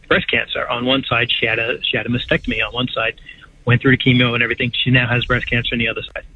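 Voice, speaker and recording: A man's voice: medium pitch, vocal fry, husky, no echo. Man in his sixties, chatty caller on a thin phone line, stumbles over his words and sounds eager. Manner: rambling, enthusiastic, repeats words. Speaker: patient guest. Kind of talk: casual phone-in chat. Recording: tinny phone line on radio.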